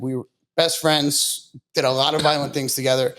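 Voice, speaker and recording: A man's voice: medium pitch, steady tone, fairly quick, fairly bright tone. A man from Long Island, a podcast guest, telling his story in a blunt, profane, casual way and saying "bro" a lot. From Long Island, New York.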